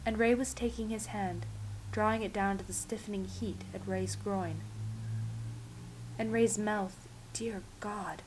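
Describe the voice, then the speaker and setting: A woman reads a story aloud in a calm, measured, intimate way, at a middle pitch. A faint background hiss sits under her voice. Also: poor audio. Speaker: story reader. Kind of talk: audiobook-style story narration.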